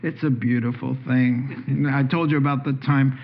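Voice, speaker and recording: A middle-aged man preaching a sermon, a joking storyteller whose voice jumps high as he gets animated. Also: normal speed, dull audio. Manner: animated, joking storyteller who rises sharply in pitch. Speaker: pastor.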